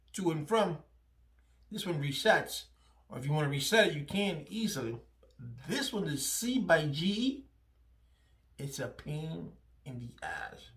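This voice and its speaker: A man hosting his own channel, chatting casually through a product review, often checking in with "right?" and restarting his phrases. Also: on the high side. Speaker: channel host. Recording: echoey room.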